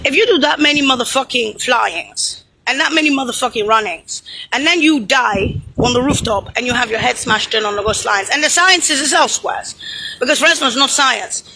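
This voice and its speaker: Angry high-voiced woman ranting. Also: pushed and bright, a little hiss or hum, rough recording. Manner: profane, insulting, rambling and disjointed; points at something on screen while talking.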